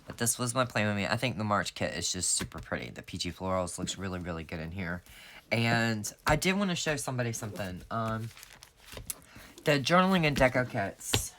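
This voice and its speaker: Woman, very low voice, chatty and rambling, casual planner vlog, faint background noise. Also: big pitch swings, brisk, a bit bright. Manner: chatty, rambling, talks straight to viewers. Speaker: planner sticker shop owner.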